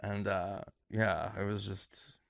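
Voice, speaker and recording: A male comedian telling a loose, rambling story in casual chat. He swears freely and drifts into soft, subdued tones. The recording is close and dry, with no room sound. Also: on the low side, level tone, slow pace, vocal fry, dry recording. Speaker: stand-up comedian.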